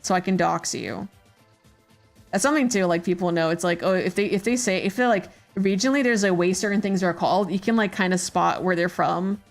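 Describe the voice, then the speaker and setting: A woman's voice: fairly low pitch, brisk, faint music behind. A woman streamer chatting casually while she draws, rambling with many fillers and hesitations. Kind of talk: casual chat while drawing.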